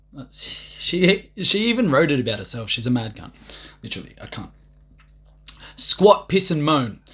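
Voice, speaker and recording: A man's voice: on the high side, a bit bright. A young man ranting on a livestream, boastful and profane, rambling from one thought to the next.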